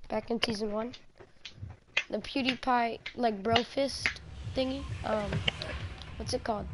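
A woman chatting casually while playing an online game with a friend, excitable and trash-talking, with lots of fillers. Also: a little high, a little slow. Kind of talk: casual gaming chat. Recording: noisy stream audio with clicks.

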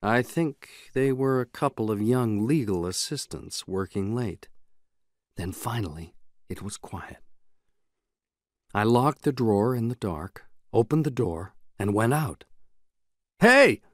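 A man reading a novel aloud in the first person, in a measured, even way. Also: lowish voice, no echo, studio quality. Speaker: audiobook narrator. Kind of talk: scripted audiobook narration.

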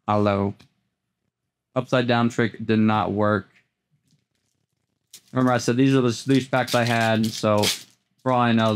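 A man hosting a card pack opening, talking casually as he flips through cards, often repeating words and jumping into excited highs. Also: clear, resonant tone. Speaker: host opening trading card packs. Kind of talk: casual unboxing commentary.

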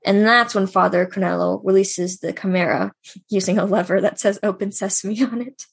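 A woman co-hosts a casual podcast, retelling comic panels with relish and laughing along. Her voice sits at a middle pitch with a slightly husky edge. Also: normal speed. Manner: animated storyteller, acts out quoted lines, laughs often. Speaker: podcast co-host. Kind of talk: casual chat retelling manga scenes.

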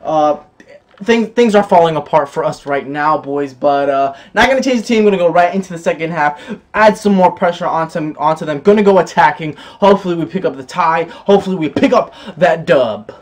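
Young male gaming creator, high-voiced, excitable play-by-play of a football video game, shouts at big moments. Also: fairly quick. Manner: keeps calling his viewers "boys". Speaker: gaming YouTuber.

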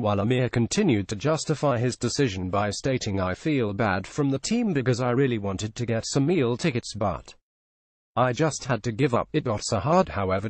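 A man reads out an entertainment news story, flat and repetitive in a read-aloud delivery. His voice is mid-pitched and sits in a dry, close recording with no room sound. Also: dry recording. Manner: flat, repetitive reading with lines repeated. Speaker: news reader.

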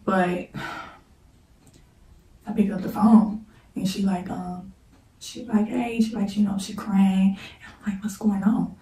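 Emotional woman with a mellow voice, recorded in an echoey room. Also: mid-range voice, steady tone. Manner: halting, repeats "like", prays between passages. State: holding back tears. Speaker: storyteller vlogger. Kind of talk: emotional personal storytime. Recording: roomy, echoey room mic set at a distance.

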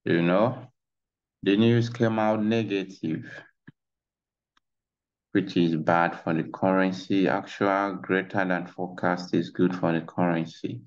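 Recorded on a dull lo-fi mic, a trading instructor gives a casual screen-share tutorial, rambling over his charts and repeating "you know." His voice sits low, his tone is steady, and he takes it slowly.

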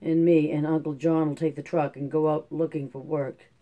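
Narrator doing gruff, stern Pa. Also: mid-range voice, little pitch movement, normal speed, dull audio, close to an everyday voice. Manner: gruff, curt country talk. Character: Pa, a gruff stern farm father.

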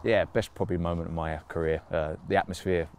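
A man in his thirties with a very low, deep voice looks back on his playing days. He talks in a relaxed, rambling way, full of fillers and easy laughs, with a faint hiss of noise under the recording. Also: quick pace. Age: 30s. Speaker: footballer being interviewed. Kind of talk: casual interview recollection.

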